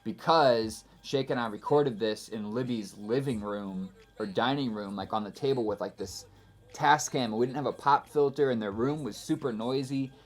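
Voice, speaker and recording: A man's voice: mid-range voice, moderate pace. A man casually talking through the making of his own album in a studio, rambling and self-deprecating, full of fillers and restarts. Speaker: musician giving album commentary. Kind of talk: casual spoken commentary. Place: recording studio.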